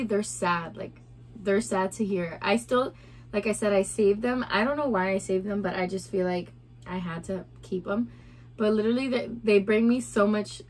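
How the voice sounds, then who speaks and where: A young pregnant woman vlogging a casual story time, chatty and full of "like" and quoted dialogue. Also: mid-range voice. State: heavily pregnant.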